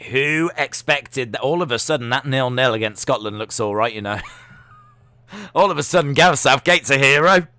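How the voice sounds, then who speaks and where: A man hosting a live football watch-along, reading out viewer comments and reacting with loud excitement to the play. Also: mid-range voice, normal speed, no room sound. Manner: reads viewer comments, excitable shouting at goals.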